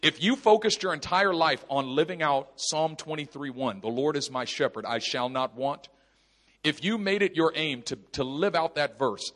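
Male preacher, slightly high-pitched, moves between quiet reflection and forceful emphasis. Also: big-room sound. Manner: builds from quiet reflection to emphatic preaching, reads scripture slowly. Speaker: preacher at a retreat. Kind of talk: sermon.

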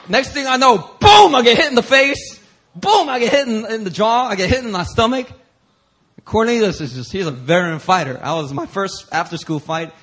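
A man pastor preaching a sermon through an animated story, acting out voices and bursting into shouts. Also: on the high side, normal speed.

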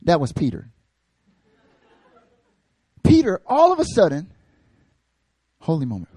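In a comedic sermon, a male pastor with a husky, fairly high voice speaks at a measured pace, pausing often. He is animated and jokey, addressing his congregation, and the audio is studio quality without room sound.

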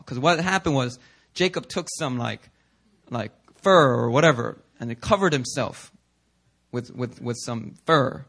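A man's voice: mid-range voice, unhurried, creaky, a bit bright. A young male pastor giving a sermon in a church, telling stories in a casual, joking way.

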